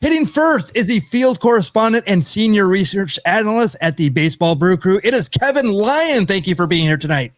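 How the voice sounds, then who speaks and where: A man with a fairly high voice hosts a casual podcast in an upbeat, welcoming tone, dropping in light chuckling asides. The sound is dry and close, with no room around it. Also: very animated, a little fast, few pauses, dry recording. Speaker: podcast host. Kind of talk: casual chat.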